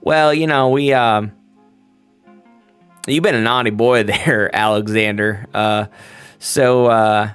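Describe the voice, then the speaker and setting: A man's voice: medium pitch, fairly even intonation, takes it slowly, pauses often, fairly bright tone, smooth, soft background music. A man voicing a smug, menacing male vampire prince who drawls folksy, mock-friendly threats. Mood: scolding.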